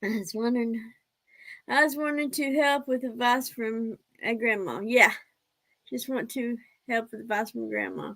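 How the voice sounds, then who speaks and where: A woman's voice: a little high, normal speed, gravelly, fairly bright tone. A woman chatting casually on a live stream, rambling and answering her viewers' comments.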